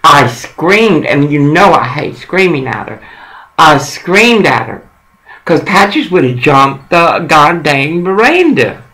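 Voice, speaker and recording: A middle-aged man with a gravelly, fry-laden voice pitched a bit high for a man. He rambles through a one-sided phone call in a coaxing, profane way. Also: big pitch swings, takes it slowly, pushed and bright. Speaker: caller.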